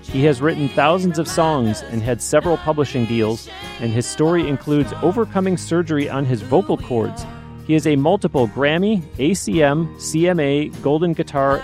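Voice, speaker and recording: A man hosting an interview podcast from a radio studio, upbeat and full of enthusiastic reactions. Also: fairly high pitch. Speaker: podcast host.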